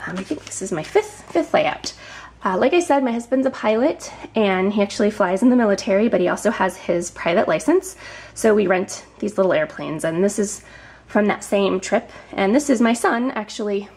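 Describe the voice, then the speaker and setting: A woman's voice: medium pitch, expressive, moderate pace, a little mellow, husky. Slightly breathless woman chatting casually. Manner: chatty, with frequent ums and some whispered asides. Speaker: scrapbooking vlogger. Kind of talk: casual show-and-tell narration.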